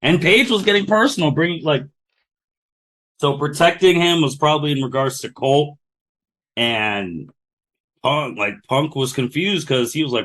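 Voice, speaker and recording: A man's voice: a little high, measured pace, pauses often. A man hosting a podcast in casual chat, rambling along with lots of fillers. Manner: rambling, filler-heavy, relaxed. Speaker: podcast host.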